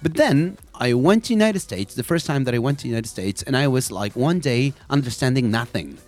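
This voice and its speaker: Lively man hosting radio, faint music. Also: medium pitch, a little fast. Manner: lively, switches between Spanish and English, stammers on restarts. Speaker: radio co-host, English teacher. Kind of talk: bilingual radio chat. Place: radio studio.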